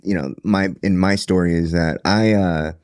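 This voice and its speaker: A man hosting a podcast, sharing his own story in a relaxed, reflective way. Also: deep voice, normal speed, smooth, no echo, clean studio sound. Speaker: podcast host. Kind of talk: casual conversational interview.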